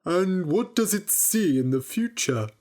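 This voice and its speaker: A woman voicing a gullible middle-aged farmer who asks slow, wondering questions. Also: on the low side, lively intonation, a little mellow. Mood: curious.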